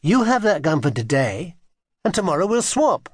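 A cheeky young boy in a storybook, boisterous and playful, as a man voices him. His voice sits raised above a man's usual pitch and moves a lot. It sounds dry and close, a little husky. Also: sing-song, moderate pace, dry recording. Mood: earnest. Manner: boisterous, then grown-up and sensible.

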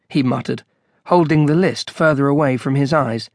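A man narrating an audiobook in a measured, wry storytelling manner on a close studio mic. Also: mid-range voice, gravelly.

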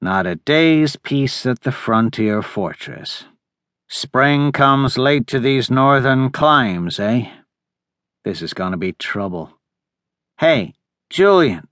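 A man's voice: lowish voice, animated, normal speed, a bit bright, no room sound, studio quality. A male narrator voicing a young admiral who talks in a sleepy, grumbling drawl. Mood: wry grumbling.

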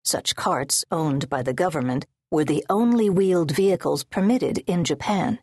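A woman narrates an audiobook in measured, steady prose. Her voice sits low and carries a husky, breathy edge. The recording is close and dry, with no room around it. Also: no echo. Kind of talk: scripted narration. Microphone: close studio mic.

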